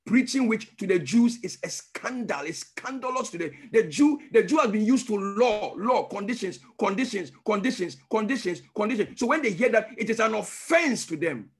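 Husky, high-voiced preaching pastor. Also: male voice, lively intonation, moderate pace, few pauses. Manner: emphatic, with call-and-response questions; breaks into speaking in tongues. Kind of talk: teaching sermon.

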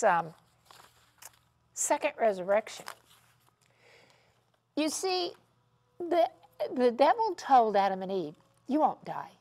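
A woman's voice: high voice, creaky, darkish tone. A woman teaching in a televised Bible study discussion, with emphatic, dramatic preaching delivery. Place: television studio set.

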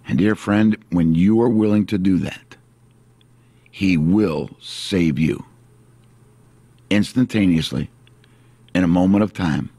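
A man preaching a sermon as pastor, earnest and repetitive, slowing down on key phrases. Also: low voice, mellow, slightly rough, dry recording.

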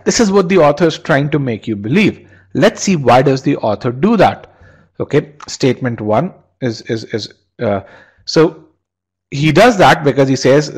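A man's voice: mid-range voice, a little mellow, husky, low-quality recording. A man teaching a live online test-prep webinar, asking the class questions and restarting phrases with repeated words.

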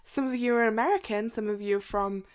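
A woman with an English accent co-hosting a podcast in casual chat, animated and giggly, with many "like" fillers. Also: on the high side, fast. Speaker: podcast co-host.

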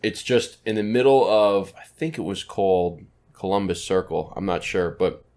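Relaxed man recounting a cigar bar visit. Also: low voice, moderate pace. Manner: relaxed, descriptive storyteller. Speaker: podcast co-host. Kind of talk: casual chat.

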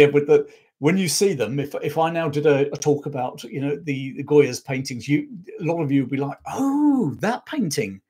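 Guy rambling thru history on a live stream, bit husky, lots of uhs and fixes. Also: fairly high pitch, darkish tone. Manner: rambling, self-correcting storyteller with many fillers. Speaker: history show host.

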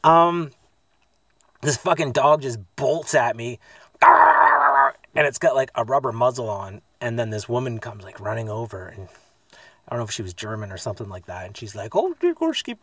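A laid-back man from the East Coast rambles through a story with plenty of swearing. He talks at an ordinary middle pitch. He records on his phone inside a parked camper van, and the sound is close and dry. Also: fairly even intonation, a little fast, slightly rough, dry recording. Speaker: van-life vlogger. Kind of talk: casual vlog storytelling.

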